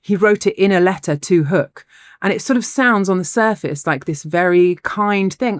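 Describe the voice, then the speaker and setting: A woman co-hosting a podcast, telling a story in casual chat, animated, laughing often and restarting her sentences. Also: medium pitch, moderate pace, no echo, studio quality. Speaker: podcast co-host.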